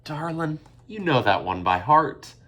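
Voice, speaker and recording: A man's voice: fairly high pitch, sing-song, measured pace, a bit bright, pitched above the performer's own voice. A man voicing a jovial father who exclaims and spins playfully spooky tales. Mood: fond. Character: jovial father, a lively storyteller.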